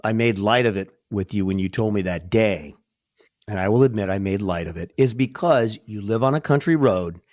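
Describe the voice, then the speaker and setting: A man's voice: lowish voice, a little mellow, dry recording. Blunt guy on a podcast, jokes and pokes at the story, dry sound. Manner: blunt, quick to question and joke. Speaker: podcast co-host. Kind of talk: casual chat.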